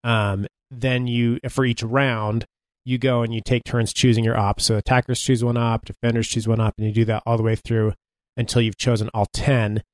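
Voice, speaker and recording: A man's voice: medium pitch, little pitch movement, moderate pace, no room sound. A man co-hosting a casual gaming podcast, wry and long-winded, with lots of fillers as he explains things. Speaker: podcast co-host.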